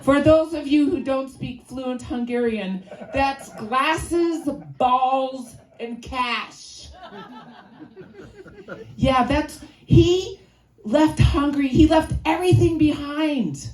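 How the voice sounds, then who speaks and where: A woman's voice: sits high, takes it slowly, a little mellow. A woman from Chicago with a nasal voice and a Chicago accent doing a rambling, crude, self-deprecating stand-up set. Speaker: stand-up comedian. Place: stage in a comedy venue. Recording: echoey room.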